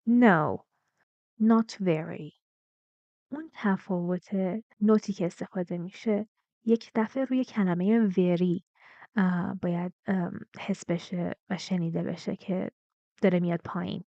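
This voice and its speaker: A woman teaching English pronunciation. She models sentences slowly with exaggerated rising and falling intonation, then explains quickly. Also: fairly low pitch, steady tone, warm tone, dry recording, muffled recording. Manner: rapid explanations between examples. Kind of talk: bilingual pronunciation lesson.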